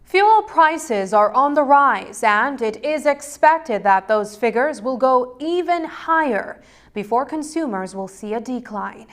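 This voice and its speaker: A woman reporter giving scripted news narration in a measured, crisp delivery. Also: sits high, lively intonation.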